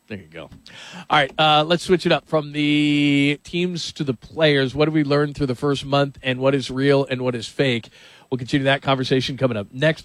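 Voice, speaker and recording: A man with a medium-pitched voice hosts a sports radio show, chatting casually in a loose, rambling way and laughing readily. The recording is dry.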